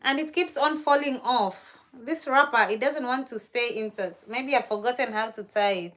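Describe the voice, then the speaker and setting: A woman's voice: on the high side, moderate pace, a bit bright. Gushing, chatty woman host on a livestream. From Kenya. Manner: chatty, gushing, laughs often, reads viewer comments aloud. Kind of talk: casual live-stream chat.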